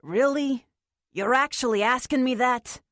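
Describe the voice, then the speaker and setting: A woman's voice: sits high, measured pace, fairly bright tone, no room sound, studio quality. A woman voicing an awkward, earnest young man in an audiobook, sounding flustered and guarded. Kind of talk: audiobook character voice.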